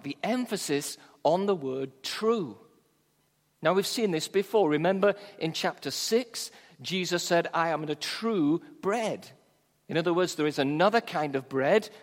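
A man preaching a sermon, teaching from the Bible in a measured, emphatic way. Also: fairly high pitch, long reverb tail.

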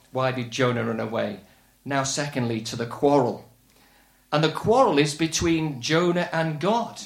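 An older man preaching a sermon with earnest, measured emphasis. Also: fairly high pitch, echoey room.

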